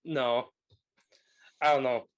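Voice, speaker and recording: A man's voice: mid-range voice, steady tone, takes it slowly. A young man co-hosting a podcast, chatting casually about sports and laughing often. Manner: laughs often, loose and joking. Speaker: podcast co-host.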